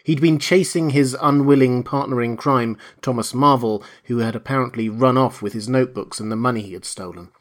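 A man reads a classic novel aloud as an audiobook. His delivery is measured and expressive, with a mid-range voice. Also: medium pitch. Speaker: reader. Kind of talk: audiobook narration.

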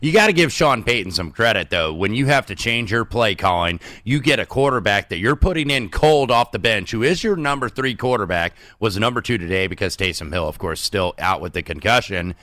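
Bright-voiced male sports analyst. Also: on the low side, expressive, fairly quick, few pauses, dry recording. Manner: confident, analytical. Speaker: sports betting analyst co-host.

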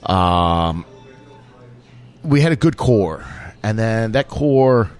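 A man in his forties with a fairly low voice tells stories in a casual interview. He rambles easily and often restarts his sentences as he goes. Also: animated, extremely slow, smooth. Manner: easygoing, rambling, with frequent restarts. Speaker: restaurant owner, guest.

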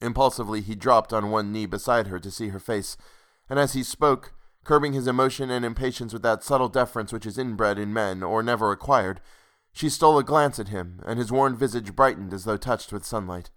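A man's voice: fairly low pitch, a little fast, a bit bright. Man reading a ghost story aloud. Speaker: narrator. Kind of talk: scripted storybook narration.

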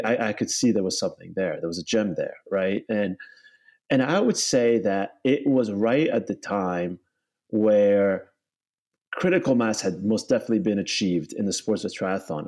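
Fairly low in pitch and a little mellow, his voice sounds animated at a normal speed. As a bike company co-founder and interview guest, he rambles casually in long runs, filling them with "you know" and "right?".

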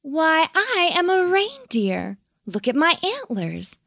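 A woman's voice: very high-pitched, wildly swooping pitch, takes it slowly, creaky, a bit bright, no echo, studio quality, voice pushed up, heavily acted. A woman doing a cheerful polite reindeer. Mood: friendly. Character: friendly male reindeer helper of Santa.

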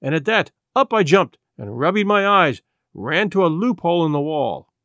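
A man narrating an adventure novel in expressive scripted storytelling. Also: a little high, moderate pace, no room sound, clean studio sound. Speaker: audiobook narrator.

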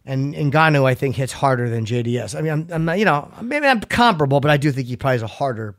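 A man's voice: medium pitch, animated, fast talker, fairly bright tone, no room sound, clean studio sound. A man hosting a podcast, telling rambling self-mocking stories in casual chat and swearing freely. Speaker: podcast host.

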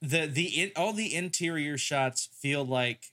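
A man's voice: on the high side, measured pace, pushed and bright. A man hosting a casual film-review podcast, rambling with many fillers and restarts. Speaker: podcast host.

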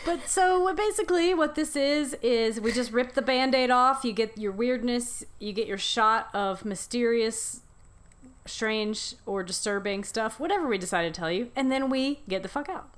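A woman co-hosting a podcast in a casual chat, with a wry, deadpan manner and blunt, swearing delivery. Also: a little high, moderate pace. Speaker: podcast co-host.

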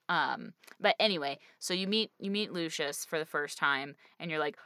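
A woman's voice: sits low, expressive, a little fast, hardly any pauses, a bit bright, no echo, studio quality. A woman co-hosting a podcast, talking through a book in a casual, chatty way with lots of fillers. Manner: chatty, many fillers like "like" and "kind of". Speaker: podcast co-host.

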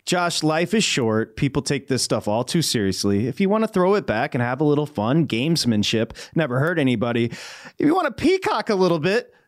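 A man's voice: a little high, big pitch swings, a little fast, no room sound, studio quality. A man hosting a sports betting talk show, teasing and emphatic in a casual chat.

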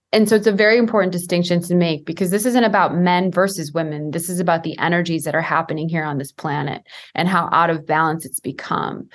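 A woman guest in a casual chat, earnestly explaining spiritual ideas. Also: on the low side.

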